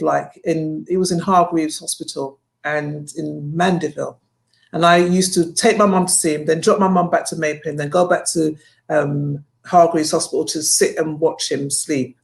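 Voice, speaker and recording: A woman's voice: lowish voice, normal speed, creaky. A middle-aged woman co-hosting a candid panel chat, speaking in a heartfelt, reflective way and laughing between thoughts. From Jamaican family. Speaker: co-host.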